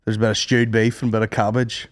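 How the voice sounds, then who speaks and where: A man's voice: fairly low pitch, quick pace. A man co-hosting a podcast, bantering in sweary, joking casual chat. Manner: jokey, animated banter, sweary. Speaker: podcast co-host.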